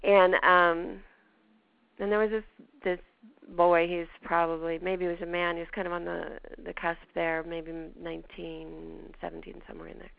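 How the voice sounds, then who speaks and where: Gravelly Canadian woman hosting. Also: fairly low pitch, flat delivery, moderate pace, dry recording. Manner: chatty, with laughs. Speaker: podcast host. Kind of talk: casual chat and personal storytelling. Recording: dull lo-fi dry sound.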